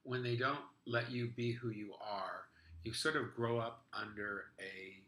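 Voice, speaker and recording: A man's voice: lowish voice, steady tone, a little slow, pushed and bright. A man hosting a podcast in casual chat, rambling with lots of fillers. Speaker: podcast host. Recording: roomy echo.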